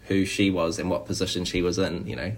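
Casting: man, low-pitched voice, preacher, conversational sermon with easy restarts. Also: level tone, a little fast. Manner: conversational, frequent "you know" and restarts.

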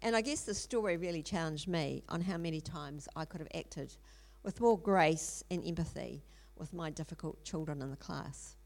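A middle-aged woman preaching in an earnest storytelling way. Her voice sits a little low and has a gravelly edge. She pauses often with ums and restarts her sentences. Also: a little mellow. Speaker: speaker in a church teaching series. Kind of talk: sermon storytelling.

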